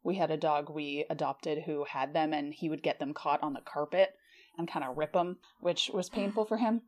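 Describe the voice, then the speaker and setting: A woman's voice: sits low, normal speed. A woman co-hosting a podcast, talking in an easygoing, casual way and laughing often. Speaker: podcast co-host. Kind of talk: casual chat.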